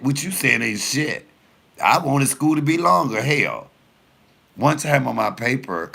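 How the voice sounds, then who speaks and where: A man's voice: medium pitch, creaky. A man, a comedian, telling profane stories casually and straight to his viewers with a laugh in his voice. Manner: animated, profane, laughing storyteller; addresses viewers directly.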